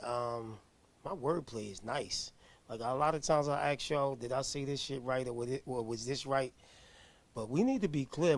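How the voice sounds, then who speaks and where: A man hosting a live music review show, talking in a hyped, slangy way and giving shout-outs. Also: mid-range voice, dry recording.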